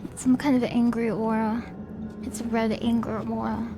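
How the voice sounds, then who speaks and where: A woman's voice: a little high, little pitch movement, moderate pace, over music. A woman streamer in casual chat, playful and rambling, teasing herself as she talks.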